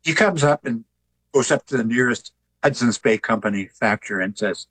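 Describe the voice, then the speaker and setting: Husky older man telling stories. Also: medium pitch, normal speed, poor audio. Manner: relaxed storyteller who jokes. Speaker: author and artist, interview guest. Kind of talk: conversational interview storytelling.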